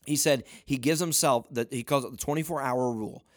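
A man's voice: mid-range voice, fairly quick, no room sound, studio quality. A man giving a motivational talk as a leadership coach, emphatic, often saying "listen" and pushing his voice up at the peaks. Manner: emphatic, repeats "listen", rising to near-shouting peaks.

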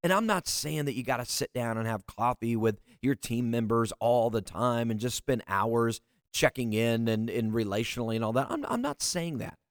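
A man's voice: medium pitch, animated, normal speed, dry recording, clean studio sound. A man who works as a leadership coach, giving a motivational talk straight to leaders in an earnest, direct way. He often stumbles and repeats words as he presses a point.

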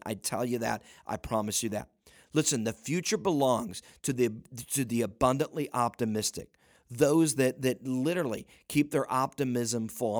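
A man's voice: mid-range voice, no room sound. Emphatic male motivational coach, dry sound. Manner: emphatic, repeats "listen", rising to near-shouting peaks. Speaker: leadership coach. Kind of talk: motivational talk.

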